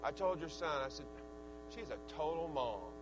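A middle-aged man preaching a sermon in a folksy, earnest way, his loudness rising and falling. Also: on the high side, big pitch swings, normal speed, very noisy.

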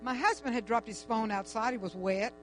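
An older woman with a drawl tells a rambling personal story. She is lively and chatty, acting out what people said. Faint music and a low mains hum sit behind her voice. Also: a little fast, poor audio. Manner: animated, chatty, with frequent restarts and quoted dialogue.

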